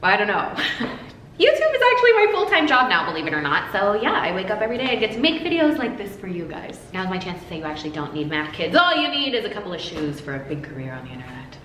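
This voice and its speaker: Bubbly woman vlogger with a lively voice. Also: medium pitch, quick pace, reverberant, slight background noise. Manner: bubbly, giggly, jokey. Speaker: YouTuber. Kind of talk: casual vlog Q&A.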